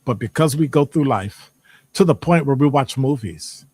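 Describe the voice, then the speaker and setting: A man with a Midwestern American accent leads a live online session with an animated, teasing delivery. His voice sits at an ordinary middle pitch. The sound is close and dry, with no room echo. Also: normal speed, husky. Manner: animated, jokey, teasing the audience. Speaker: presenter reading audience answers. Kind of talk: live-streamed lecture with chat.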